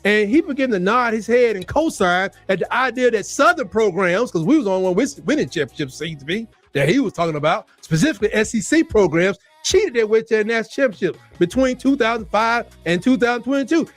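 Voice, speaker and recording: Man, sports talk host, very high voice, heated rant, repeats himself for emphasis, faint music underneath. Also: brisk, few pauses, no room sound. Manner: fired-up, animated, repetitive emphasis.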